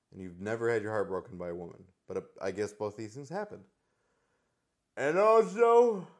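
A man playing it straight as an interviewer in a comedy sketch, hesitant and quietly exasperated. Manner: low-key, hesitant, exasperated deadpan.

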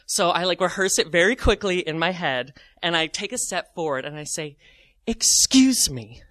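A man tells a comic story about himself, animated and self-mocking, with many "like" fillers. His voice is bright and forceful, recorded close and dry. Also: fairly high pitch, fairly quick, dry recording. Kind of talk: comic personal anecdote.

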